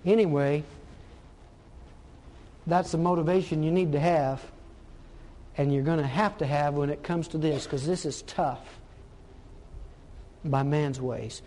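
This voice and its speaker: A man's voice: fairly high pitch, a little slow, long pauses, mellow, slight background noise. A man preaching a sermon, emphatic, asking rhetorical questions and repeating phrases for stress.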